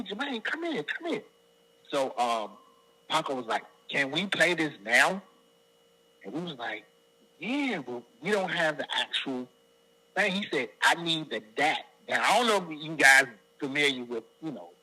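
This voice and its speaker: A man's voice: mid-range voice, breathy edge, poor audio. A middle-aged man from the Washington DC area, a guest singer telling stories in an interview and acting out other people's lines. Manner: animated storyteller who acts out other people's quotes. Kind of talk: storytelling interview.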